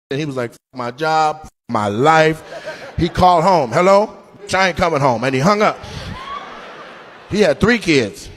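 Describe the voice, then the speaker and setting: A man doing live stand-up crowd work, loud and mocking, acting out voices as he roasts audience members. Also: medium pitch. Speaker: stand-up comedian. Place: comedy club stage.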